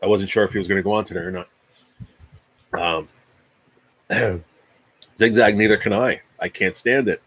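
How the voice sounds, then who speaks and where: Livestream host, a man in his forties, low husky voice, swearing and ranting with heavy emphasis. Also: steady tone, moderate pace, pauses often, fairly bright tone, poor audio. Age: 40s. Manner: repeats words. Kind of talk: casual livestream chat.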